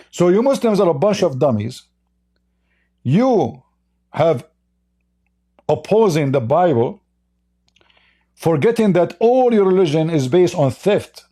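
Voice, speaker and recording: A man's voice: a little high, lively intonation, takes it slowly, pauses often, mellow. Mocking, combative man hosting a call-in debate. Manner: mocking, combative, laughs at callers. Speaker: host of a call-in debate stream. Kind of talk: live call-in religious debate.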